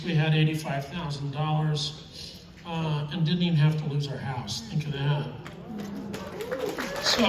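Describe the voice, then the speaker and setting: A man's voice: a little high, recorded from a distance, slight background noise. A man giving a keynote speech on stage, telling stories in a chatty, chuckling, emotional way. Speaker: keynote speaker. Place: large event hall. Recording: echoey hall, mic heard from afar.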